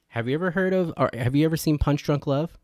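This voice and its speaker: A man co-hosting a casual podcast, excitable, saying "dude" constantly and acting out quotes from friends. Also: a little high, moderate pace, no room sound. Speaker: podcast co-host. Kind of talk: casual chat.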